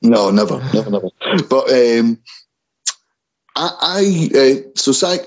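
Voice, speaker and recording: A man's voice: mid-range voice, expressive, slow pace, poor audio. A man hosting a casual wrestling chat podcast, tripping and restarting over names. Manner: stumbles and repeats words on names. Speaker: podcast host.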